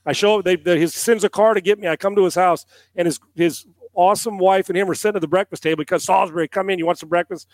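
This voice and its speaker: A man's voice: high voice, steady tone, fast talker, darkish tone, dry recording. A middle-aged man, a former quarterback and analyst, telling a long story on a podcast, acting out quotes and swearing casually.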